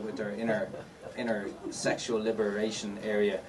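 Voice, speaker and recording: His voice is fairly low, with fairly even intonation, and he speaks a little fast with hardly any pauses. He's an Irish stand-up comedian teasing the audience at a live comedy venue in cheeky banter full of fillers, recorded on a distant mic over a loud crowd in the noisy room.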